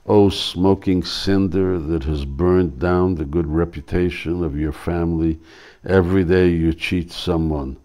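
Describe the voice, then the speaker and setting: A man's voice: low voice, steady tone, unhurried, dark tone. A man reading the lines of a cruel old woman in a play, harsh and scolding. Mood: furious.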